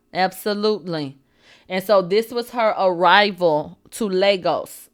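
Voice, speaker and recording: A woman hosting a celebrity gossip livestream. She talks in a brash, profane way, laughs, answers her chat, and swings from low asides to loud outbursts. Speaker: host of a celebrity gossip show. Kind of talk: livestream entertainment gossip commentary.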